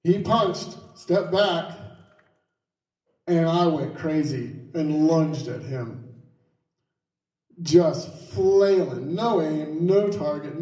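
A man with a high voice tells a vivid first-person story, quick in some stretches and slow in others. He sounds set back from the mic, and the room around him is echoey. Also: warm tone, distant mic.

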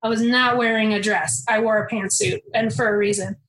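Young woman telling a story, high voice, kinda swears, echoey room. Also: a little fast. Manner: animated, candid, swears casually. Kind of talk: personal storytelling. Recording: roomy echo.

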